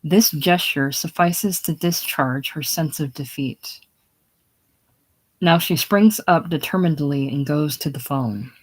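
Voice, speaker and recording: An unhurried reader works through a play's stage directions in a casual, plain way. The voice sits at an ordinary middle pitch. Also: slightly rough.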